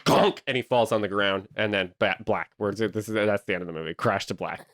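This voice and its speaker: A man hosting a comedy podcast, telling an improvised movie pitch with lots of energy and silly voices. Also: fast, dry recording, studio quality. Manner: animated storytelling with silly voices.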